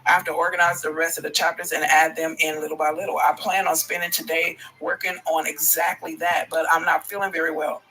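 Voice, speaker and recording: A man reads a dramatic first-person story aloud for his livestream, his voice high and bright. He reads expressively and breaks off to react, with faint ambient noise behind him. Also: level tone, fairly quick, few pauses, rough recording. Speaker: livestream host.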